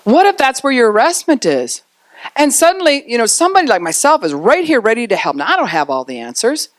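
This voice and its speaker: Woman pastor, sermon, animated swooping delivery, lower voice, dry close sound. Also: fairly quick, dry recording. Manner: conversational preaching, acting out quoted voices.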